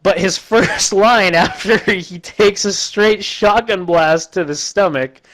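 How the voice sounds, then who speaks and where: A man with a slightly higher voice rambles through a movie recap in a deadpan, offhand way. He keeps slipping into quick, exaggerated character voices as he retells the scenes. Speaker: host recapping a bad movie. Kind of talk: casual comic movie recap.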